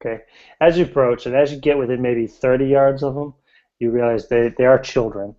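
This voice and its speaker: A man running a tabletop game, his voice dark and mellow. He narrates in a laid-back, halting way. The recording is a little muffled. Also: medium pitch. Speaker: game master. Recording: slightly muffled.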